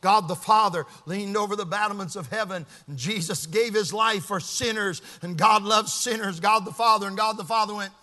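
Male pastor, high tenor, bright and ringing, shouts then hushes, echoing sanctuary. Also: moderate pace, hardly any pauses. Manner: swings from shouting to hushed, sing-song preaching cadence. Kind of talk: sermon. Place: church sanctuary. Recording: long hall reverb.

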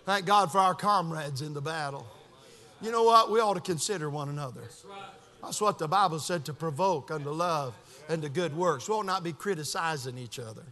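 A man pastor preaching a sermon with fervor, moving between shouted praise and hushed, quiet asides. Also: a little high, fairly quick, big-room sound.

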